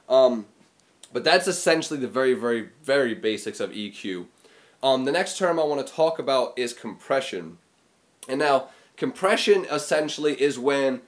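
A man hosting a casual music tutorial, talking loosely with lots of fillers and acting out sounds with his voice, recorded in a small room. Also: medium pitch. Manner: rambling, filler-heavy, demonstrates sounds with his voice. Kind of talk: casual explainer video.

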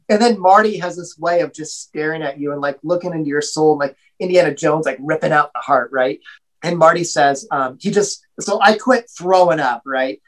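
Middle-aged male guest, animated storyteller who plays out each quoted voice. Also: high-pitched, rough recording. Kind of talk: casual storytelling.

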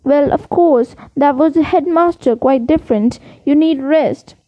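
A woman reading the part of a strict, brisk school matron in an audiobook, firm and clipped. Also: high-pitched, dull audio.

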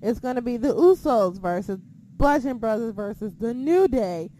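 A woman's voice: on the high side, lively intonation, normal speed, dark tone, slight background noise. A woman co-hosting a casual wrestling podcast, blunt and heavily profane as she rants about the show and her critics. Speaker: podcast co-host.

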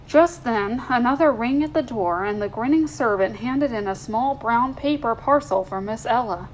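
Woman reading a story, higher voice. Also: normal speed, few pauses, slight background noise, rough recording. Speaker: story reader.

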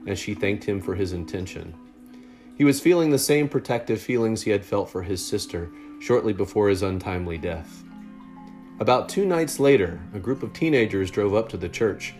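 Low-voiced man reading a story. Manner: steady, measured reading. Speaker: narrator. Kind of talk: storytelling read-aloud.

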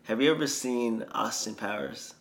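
A man with a fairly low voice co-hosts a relaxed podcast. He breaks in with questions and playful jokes. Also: normal speed. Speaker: podcast co-host. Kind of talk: casual chat.

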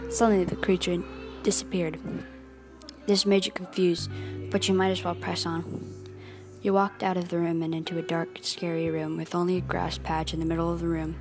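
A woman's voice: on the low side, level tone, moderate pace. A young woman telling a story in the second person, dramatic and questioning, with music behind.

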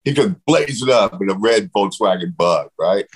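A man telling stories in a casual interview, animated, swearing freely and acting out what others said. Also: lowish voice, normal speed, slightly rough, rough recording. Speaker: guest.

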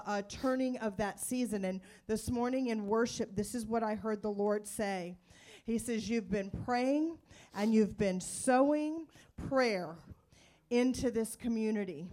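A woman ministering as a prophet, sharing a word of encouragement in a soft, measured and gentle way. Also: mid-range voice.

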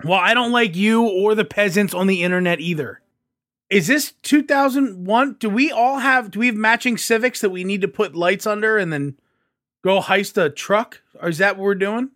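Man, podcast co-host, sarcastic, teasing, high voice, dry room. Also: moderate pace, a bit bright, no room sound. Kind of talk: casual podcast chat.

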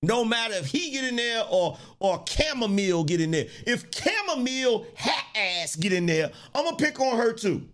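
A man's voice: extremely high pitch, big pitch swings, moderate pace, hardly any pauses, fairly bright tone. A man hosting a podcast, giving casual political commentary in a mocking way, repeating his lines and laughing often. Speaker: podcast host.

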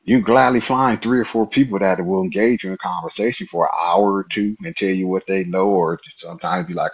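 A man from Nebraska tells a story as a podcast guest, animated and laughing often as he acts out what people said. His voice is low and husky. The recording sounds muffled and lo-fi. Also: brisk. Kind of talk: casual storytelling.

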